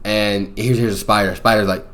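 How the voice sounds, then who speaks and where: A man's voice: level tone, normal speed, a bit bright. Young man recapping a movie, slangy. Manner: slangy, rambling, punctuates with "boom" and "bro". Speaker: movie reviewer.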